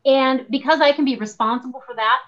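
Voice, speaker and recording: Animated woman storyteller, lo-fi sound. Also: high-pitched, brisk. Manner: animated storyteller, acts out her own quoted voices. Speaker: guest author. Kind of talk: conversational interview.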